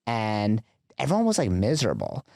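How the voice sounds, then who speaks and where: Male podcast guest, relaxed anecdotal delivery, slightly low register, dry close mic. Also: moderate pace, gravelly, no echo. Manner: chatty, filler-heavy, animated retelling. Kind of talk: casual storytelling.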